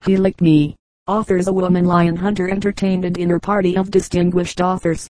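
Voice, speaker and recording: A woman reading short humorous anecdotes aloud as an audiobook, in an even, measured storytelling manner. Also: on the low side, dry recording, rough recording. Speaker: audiobook reader.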